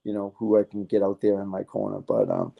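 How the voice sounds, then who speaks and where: A man's voice: low-pitched, big pitch swings, a little fast, creaky, narrow, tinny audio. A man, a fighter being interviewed, talking in a rambling, heartfelt way and swearing casually.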